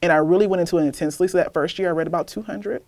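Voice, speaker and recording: Low-voiced candid woman poet. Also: rapid-fire, dry recording. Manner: candid, animated, laughs often. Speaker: poet and interview guest. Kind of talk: casual interview chat, then poetry reading.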